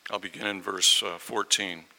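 Man, preacher, sermon, storytelling, very bright tone, lowish pitch. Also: flat delivery, moderate pace, gravelly, low-quality recording. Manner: storytelling, acts out quoted voices.

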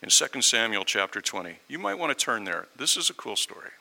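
A man's voice: on the low side, big pitch swings, a little fast, vocal fry, sharp tone, low-quality recording. A man preaching a sermon, telling a story and acting out the voices in it. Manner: storytelling, acts out quoted voices.

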